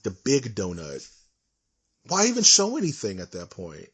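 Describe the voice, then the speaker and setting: A man's voice: lowish voice, huge pitch swings, normal speed, fairly bright tone, slightly rough. A young man co-hosting a podcast, chatting casually, ranting with animation and laughing often. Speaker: podcast co-host. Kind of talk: casual chat.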